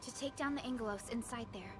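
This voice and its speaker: A woman voicing a composed young woman commander in a video game, speaking in a calm, measured way. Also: fairly high pitch, close to an everyday voice. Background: game music.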